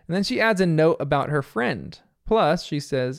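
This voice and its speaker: A man's voice: on the high side, animated, normal speed, hardly any pauses, no room sound, studio quality. A man casually recapping a cartoon episode scene by scene, chatty and often laughing. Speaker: TV episode reviewer.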